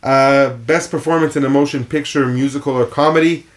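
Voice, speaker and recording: A man co-hosting a casual film podcast, opinionated and quick to swear. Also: mid-range voice, steady tone. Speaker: podcast co-host.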